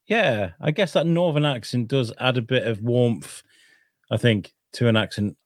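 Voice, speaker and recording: A man's voice: medium pitch, sing-song, slow pace, long pauses, dry recording, clean studio sound. Hesitant, stammering man hosting. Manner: hesitant, repeats words, eager. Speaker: host. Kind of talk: casual podcast interview.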